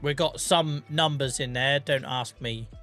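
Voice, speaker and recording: A man in his forties, live streaming a farming game and chatting casually with his chat, joking, laughing often and greeting viewers by name on a boom-arm mic. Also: steady tone, unhurried, fairly bright tone, faint music behind. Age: 40s. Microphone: boom-arm microphone.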